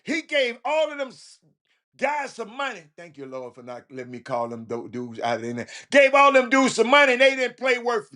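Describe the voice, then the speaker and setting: A man's voice: extremely high pitch, wildly swooping pitch, normal speed, pushed and bright. A man hosting a casual talk show monologue, preachy and repetitive, often stammering and restarting his sentences. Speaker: show host. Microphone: phone call.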